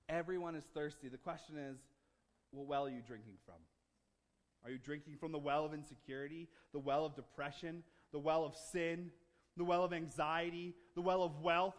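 A man preaching a sermon to his church, moving from relaxed, joking conversation to emphatic, building declarations. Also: a little high, a little fast. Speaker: pastor.

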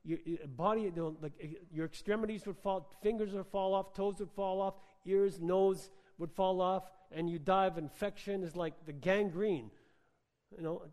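A man preaching a sermon in a conversational, animated storytelling way, full of filler words. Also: high-pitched, normal speed. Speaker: pastor. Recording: long hall reverb.

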